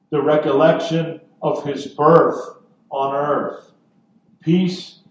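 A man preaching a sermon as pastor, earnest and deliberate, with dramatic pauses. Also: on the high side, a little mellow. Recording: echoey room from far off.

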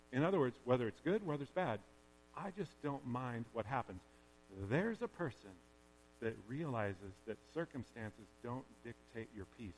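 A man preaching a sermon in a chatty, joking way that drops now and then to quiet, earnest passages. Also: mid-range voice. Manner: conversational and joking, with sudden quiet stretches. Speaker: pastor. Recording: long hall reverb with faint hum.

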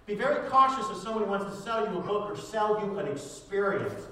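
A male pastor preaching a sermon with fervor, often raising his voice at the high points. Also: expressive, a little fast, sharp tone. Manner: fervent, rising to raised voice at climaxes. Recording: echoey room heard from a distance.

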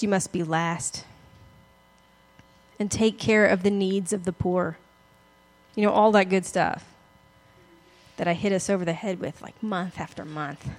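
Woman, pastor, casual sermon, chatty, self-deprecating, laughs often. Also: medium pitch.

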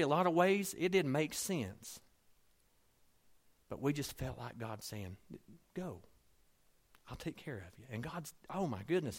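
A man preaching a sermon in a conversational, storytelling way, dropping to soft asides and rising to emphatic points. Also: medium pitch. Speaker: pastor.

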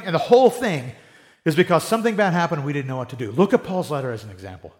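A man's voice: fairly high pitch, lively intonation, racing, darkish tone. A man preaching a sermon in a conversational way, often acting out the voices of people he quotes. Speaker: pastor.

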